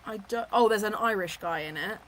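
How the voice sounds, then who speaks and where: A woman from England hosting a book club chat, animated and teasing, laughing often. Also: mid-range voice, brisk, slight background noise. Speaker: book club podcast host. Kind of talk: casual chat.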